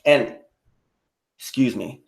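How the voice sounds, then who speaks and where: A man hosting a live stream, ranting in a casual, preachy, profane way and getting worked up. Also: slow.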